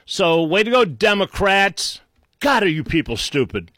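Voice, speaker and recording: Guy with a boston accent ranting about politics, kinda high voice, sarcastic and rambly, dry sound. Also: sing-song, measured pace, sharp tone, no room sound. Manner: rambling, insulting, sarcastic, with restarts and throat-clearing. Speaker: political commentator. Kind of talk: unscripted political rant.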